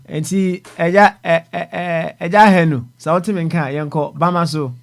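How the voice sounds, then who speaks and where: A man with a Ghanaian accent hosting a call-in radio show, speaking calmly with many fillers as he moves between callers. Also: a little high, moderate pace, vocal fry. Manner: calm, hesitant, many fillers. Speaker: radio host.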